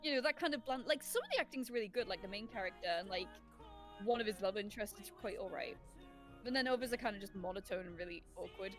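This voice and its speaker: A woman's voice: medium pitch, expressive, quick pace, a bit bright, soft background music. A woman telling long, rambling stories in casual chat, laughing often.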